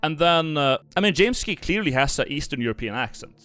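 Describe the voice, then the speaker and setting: A man's voice: fairly high pitch, animated, fast talker, a bit bright, smooth, soft background music. A young Norwegian man giving casual stream commentary, rambling with many fillers and restarts. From Norway.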